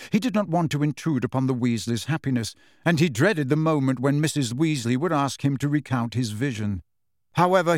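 A man narrates an audiobook in a measured, even way. His voice sits somewhat high for a man, and the recording is close and dry with no room sound. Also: no echo.

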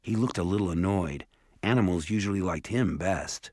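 A man narrating an audiobook in a calm, even storytelling manner. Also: low-pitched, moderate pace, no echo, studio quality.

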